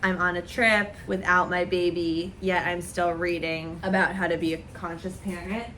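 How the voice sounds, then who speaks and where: A woman's voice: lowish voice, flat delivery, normal speed, pushed and bright, slight background noise. Chatty woman vlogging from a resort. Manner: chatty, reflective. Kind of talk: casual vlog narration. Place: beach resort in Mexico.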